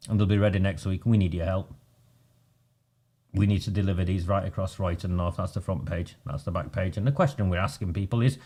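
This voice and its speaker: A man's voice: on the low side, a little mellow, slightly rough. A man, a local campaigner talking bluntly and combatively in a casual video.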